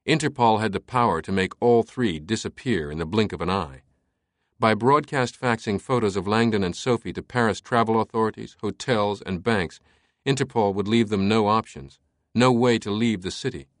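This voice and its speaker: A man narrating a thriller audiobook with measured, steady delivery. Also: on the low side, no echo, studio quality.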